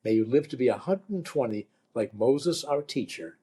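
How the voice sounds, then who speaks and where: An older man voicing a cheerful old male rabbi in a joke, giving warm blessings. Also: mid-range voice, animated, moderate pace, husky. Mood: beaming.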